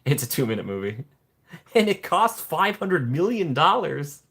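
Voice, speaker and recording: Reading his viewers' comments on a relaxed live stream, a man jokes around at a moderate pace in a slightly rough voice. Laughter comes often, and excitement pushes his pitch up.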